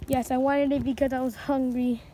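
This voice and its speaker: A woman's voice: high-pitched, flat delivery, brisk, background noise, close to an everyday voice. A woman voicing a hungry, greedy male octopus toy in a toy play story, with a whiny, childish way of pleading. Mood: sheepish.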